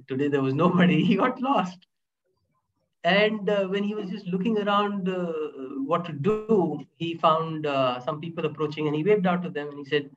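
A man, a guest speaker, telling teaching stories in an interview, animated and laughing between points. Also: a little high. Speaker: guest speaker on inner power. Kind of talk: storytelling interview talk. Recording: dull lo-fi audio.

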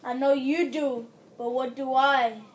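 High-voiced, slow-talking excitable woman gamer. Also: poor audio. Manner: loud, excitable, swears a lot. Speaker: gamer playing with friends. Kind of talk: casual gaming chat.

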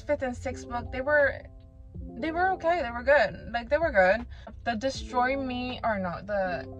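Woman, higher voice, casual book-review vlogger; talky, blunt, swears a lot, soft music underneath. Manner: chatty, opinionated, swears freely. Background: soft background music.

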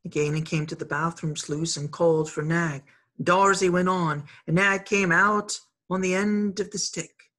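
A woman storyteller reading a classic tale aloud in a friendly, expressive way. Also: lowish voice, a little slow, low-quality recording.

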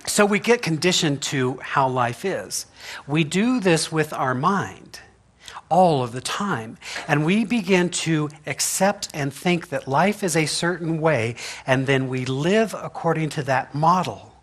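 Pastor, male, slightly higher voice, folksy humorous sermon delivery with frequent laughs and rhetorical "right?". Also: animated, measured pace. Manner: chatty and humorous, laughs often, asks "right?". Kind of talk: conversational sermon. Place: church sanctuary.

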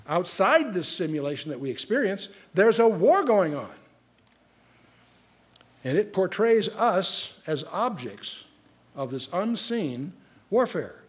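A man's voice: high-pitched, breathy edge. A man giving a Bible study lecture in an earnest teaching tone, reading scripture aloud with rising emphasis and often restarting his sentences.

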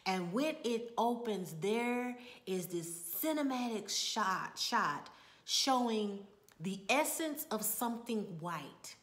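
A woman with a medium-pitched voice recaps a TV episode in a casual, storytelling manner. She throws in side remarks and now and then drops to a whisper.

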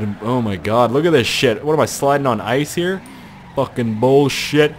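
Excitable foul-mouthed male game commentator, mid-pitched. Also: brisk, a little hiss or hum. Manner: rambling, profane, excitable. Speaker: host.

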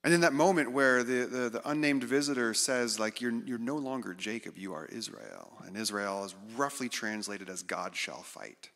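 A middle-aged man giving a conversational, animated sermon as guest speaker, acting out quotes with self-deprecating humor. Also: mid-range voice, moderate pace, creaky, few pauses. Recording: reverberant hall.

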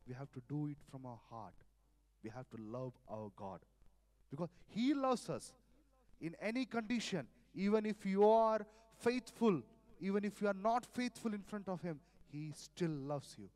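A man preaching a sermon in an earnest, repetitive way, his loudness rising and dropping suddenly. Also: high voice, lively intonation, normal speed.

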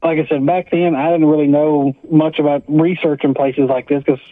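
A man tells a ghost story as an interview guest, circling back with "like" and "I was like". His voice sits a little high. It comes over a thin, phone-like line with no room sound. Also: level tone, normal speed, dry recording. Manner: rambling, repeats "I was like" and "like". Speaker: paranormal investigator guest.

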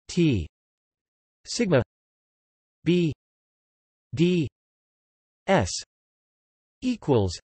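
A male text-to-speech voice reading an encyclopedia article aloud, spelling out formula code letter by letter in a flat synthetic manner. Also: fairly high pitch, breathy edge, dry recording.

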